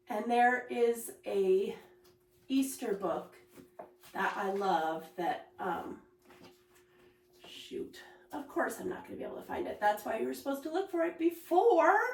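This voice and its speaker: A woman's voice: medium pitch, vocal fry, a little mellow, slight background noise. A woman in her thirties chatting casually in a cross-stitch vlog, rambling with asides and fillers. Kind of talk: casual chat.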